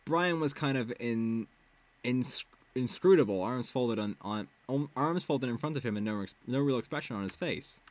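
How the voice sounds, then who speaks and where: A man's voice: mid-range voice, expressive, moderate pace, darkish tone. A young man streaming as he reads a web serial aloud, breaking off into casual, sweary, joking commentary. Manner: laughs a lot, swears freely, goes off on tangents.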